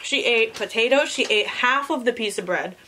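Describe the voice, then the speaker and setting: A woman's voice: fairly high pitch, moderate pace, a crowd in the background. A young woman hosting a casual eating vlog, teasing her friend and talking with her mouth full. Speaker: vlogger host. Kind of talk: casual chat while eating.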